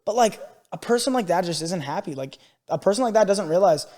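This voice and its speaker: A man with a high voice, co-hosting a podcast and rattling through animated stories at a quick clip. He swears freely, and his voice rings with a long reverb. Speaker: podcast co-host. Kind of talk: casual podcast chat.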